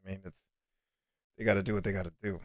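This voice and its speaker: A man's voice: low voice, fairly even intonation, fast, no room sound, highs cut off. A man hosting a motivational podcast, talking bluntly and emphatically with casual profanity and frequent "right?" asides. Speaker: podcast host and coach.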